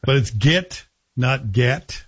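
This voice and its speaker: A man's voice: medium pitch, expressive, fairly quick, breathy edge, lo-fi sound. A man from Scotland hosting a morning talk radio show in a chatty, playful way, mimicking voices now and then. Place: radio studio.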